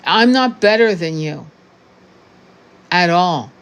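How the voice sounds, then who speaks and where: A woman's voice: fairly low pitch, lively intonation, takes it slowly, clean tone. A woman in her sixties, a tarot reader and spiritual coach, talking straight to her viewers in a blunt, profane, impassioned monologue full of restarts. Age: 60s. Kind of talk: unscripted monologue to camera.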